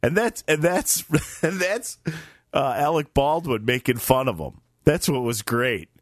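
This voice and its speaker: A man's voice: medium pitch, lively intonation, unhurried, no room sound, clean studio sound. A man co-hosting a casual talk show, rambling with lots of fillers and frequent laughs. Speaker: co-host. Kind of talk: casual banter.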